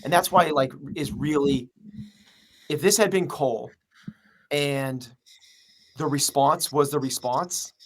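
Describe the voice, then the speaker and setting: A man's voice: fairly high pitch, slow, pauses often. A man who runs a gym, speaking as a podcast interview guest in an earnest, rambling way full of fillers. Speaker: gym owner and coach.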